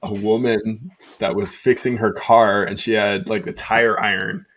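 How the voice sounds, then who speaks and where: A man's voice: fairly low pitch, fairly even intonation, a little slow, a bit bright, slight background noise. A man co-hosting a podcast in an easygoing way, laughing readily. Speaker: podcast co-host. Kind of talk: casual podcast chat.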